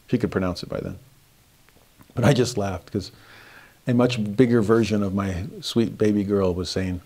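A middle-aged man teaching a devotional scripture lesson, telling stories earnestly, moving between hushed and animated delivery. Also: fairly low pitch, normal speed.

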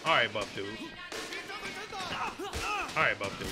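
Casting note: male gameplay streamer. Lively, swinging delivery, trash-talks and repeats lines, loud game music behind him. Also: lowish voice, unhurried. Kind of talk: casual gameplay commentary.

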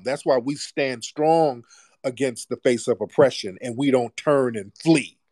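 A man's voice: medium pitch, no echo, studio quality. Profane, fired-up man hosting a call-in. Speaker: host of a live audio call-in space. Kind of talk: heated call-in talk show.

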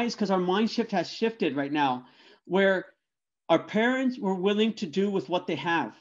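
Guy, middle-aged, lecture talk, restarts a lot and keeps tossing in tag questions, kinda high voice, muffled lo-fi sound. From Canada. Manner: animated storytelling, frequent stammered restarts and tag questions. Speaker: guest speaker. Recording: dull lo-fi audio.

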